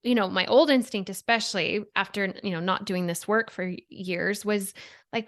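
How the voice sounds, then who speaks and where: A woman's voice: medium pitch, moderate pace, no room sound. Woman guest on a podcast, earnest, keeps saying right?, dry close sound. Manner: earnest, explanatory, often adds "right?". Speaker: guest expert. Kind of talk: podcast interview.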